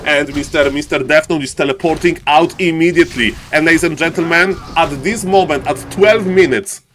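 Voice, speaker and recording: A Polish esports caster with a thick accent delivers live commentary to a stream audience, often addressing "ladies and gentlemen" and tossing in jokey asides. His voice is fairly high and a little fast, with slight background noise.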